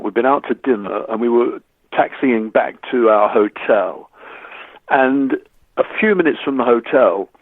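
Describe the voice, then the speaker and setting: A man from England tells lively stories as an interview guest, slipping into the voices of the people he quotes and stumbling over restarts. His voice sits in a middle range. It comes through a dry, narrow, phone-like line. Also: mid-range voice, no echo. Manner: animated storyteller, acts out quoted voices, stammers on restarts. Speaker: musician guest. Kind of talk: anecdotal interview chat.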